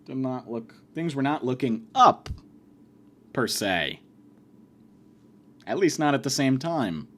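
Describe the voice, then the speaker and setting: Animated, profane ranting man. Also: mid-range voice, slow pace, pauses often. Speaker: podcast host. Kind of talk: comedic rant monologue.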